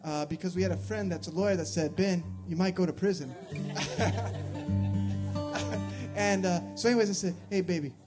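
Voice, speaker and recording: A man's voice: high-pitched, quick pace, few pauses. A man, a singer-songwriter, telling a long, rambling, profane and self-mocking story to a live audience before his song. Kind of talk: live storytelling between songs. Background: guitar playing.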